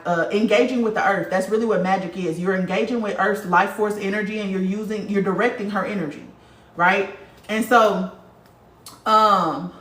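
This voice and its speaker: Blunt, profane woman in a roomy space. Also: fairly low pitch. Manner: blunt, profane, animated talker. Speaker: livestream host reading viewer comments. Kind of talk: casual spiritual livestream chat. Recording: roomy, distant from the mic.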